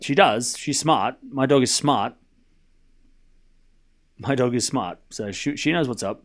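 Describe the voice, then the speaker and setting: A man calling a tennis match live for his stream viewers, giving quick play-by-play and chatting with viewers and his pet dog between points. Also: medium pitch.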